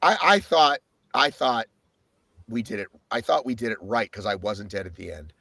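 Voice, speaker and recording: A man co-hosting a podcast, telling his race story in a casual, animated way and swearing often. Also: fairly low pitch, moderate pace, vocal fry, dry recording. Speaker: podcast co-host.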